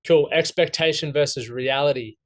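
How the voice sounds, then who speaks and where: Amid some background noise, an Australian coach talks a room of men through setting goals in a slightly high voice at normal speed. He's plain-spoken and blunt, drops the odd swear word, and keeps asking "right?" to check they're keeping up.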